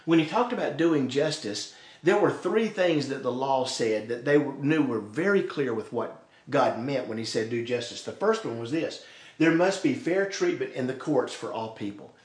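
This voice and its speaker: A man's voice: medium pitch, animated, normal speed, darkish tone. A male pastor preaching a sermon, acting out quoted voices along the way. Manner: preaching, voices God and the sarcastic people in quoted asides. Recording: roomy echo.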